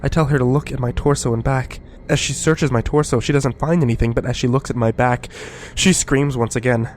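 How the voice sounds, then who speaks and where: A man narrating a first-person horror story in a scripted, hushed delivery. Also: mid-range voice, a little fast.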